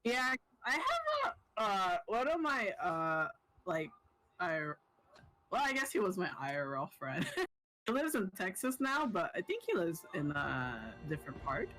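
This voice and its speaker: A woman hosting a live stream chats casually, halting and restarting as she goes. Her voice swings widely up and down. Background music runs clearly under her talk. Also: on the low side, very animated, rough recording. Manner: rambling, halting with many restarts. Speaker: streamer host.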